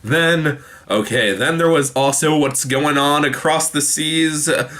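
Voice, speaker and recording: A man's voice: fairly high pitch, fairly bright tone. A young man casually recapping a TV episode, rambling with lots of fillers and restarts. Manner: rambling, many fillers and restarts, quotes characters in quick voices. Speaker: TV show reviewer.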